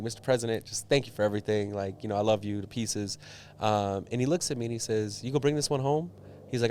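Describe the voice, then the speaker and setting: A young man, a politician, telling a personal story in an interview, earnest and animated, with many fillers. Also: on the low side, smooth. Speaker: politician guest.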